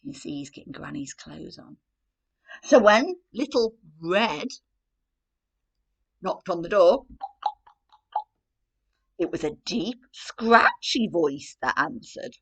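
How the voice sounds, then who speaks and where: A woman reading a story aloud for a children's playgroup, animated and sing-song, asking the little ones questions. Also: fairly low pitch, slow, vocal fry, long pauses, breathy edge.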